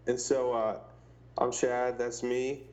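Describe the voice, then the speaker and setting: Speaking slowly with a flat delivery, a young podcast co-host keeps the casual chat jokey and laughs a lot. His medium-pitched voice is a little mellow, and he spells out handles as he goes.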